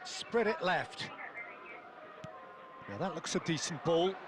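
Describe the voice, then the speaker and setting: A man's voice: on the high side, lively intonation, slow pace. A man playing an adult male football play-by-play commentator in a video game, calling the match and rising on chances. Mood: commentating. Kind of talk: scripted sports commentary. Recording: game audio with noise behind.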